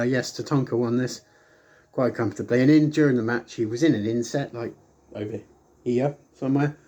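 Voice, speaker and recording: Chatty man rambling through a review. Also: mid-range voice. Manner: chatty, rambling with frequent ums; animated, acts out quoted lines. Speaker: wrestling show reviewer. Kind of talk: casual retelling review.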